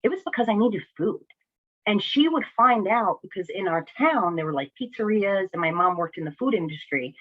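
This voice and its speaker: A woman's voice: mid-range voice, expressive, normal speed. A woman candidly talking through her own experiences in a reflective personal vlog, often checking in with "right?" and "you know?". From New Jersey. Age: adult, a single mother. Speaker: vlogger sharing personal experience. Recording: tinny phone-like audio.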